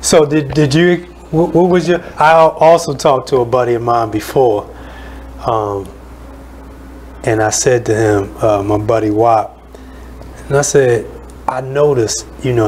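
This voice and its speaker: A man hosting a radio talk show, asking questions in a relaxed, conversational way. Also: medium pitch, a little hiss or hum, poor audio. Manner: relaxed, conversational, quick to say "yeah" back. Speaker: radio host. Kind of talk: casual radio chat.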